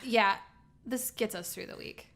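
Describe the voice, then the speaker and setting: A woman's voice: a little high, measured pace, vocal fry, a bit bright. A woman co-hosting a podcast in casual chat, bubbly, giggly and self-mocking. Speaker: podcast co-host.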